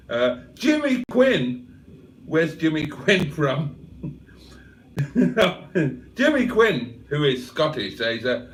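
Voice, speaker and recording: A man's voice: a little high, sing-song, slow pace, pauses often, far from the mic. A man from England hosting a casual livestream, reading the chat aloud with cheeky banter. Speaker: livestream host.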